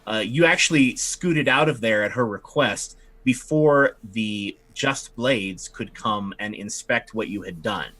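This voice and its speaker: A man's voice: lowish voice, measured pace, few pauses, a bit bright. A man narrating as game master, rambling with many fillers and restarts.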